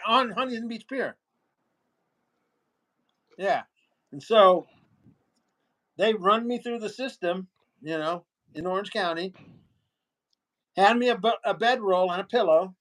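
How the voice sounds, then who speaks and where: Animated high-voiced male storyteller. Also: takes it slowly, long pauses. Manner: animated storyteller, acts out other people's lines. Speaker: guest. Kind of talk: storytelling in a casual interview.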